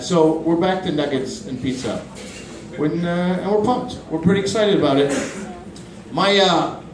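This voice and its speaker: A man in his thirties doing a stand-up comedy set in a small club, animated and quick to jump into high-pitched voices for his bits. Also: background noise. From Pakistani family, grew up in Canada. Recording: roomy club from a distant mic.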